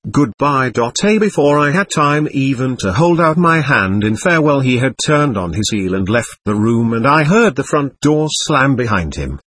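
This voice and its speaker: Husky male audiobook narrator. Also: medium pitch, animated, a bit bright. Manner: measured first-person storytelling. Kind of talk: scripted narration.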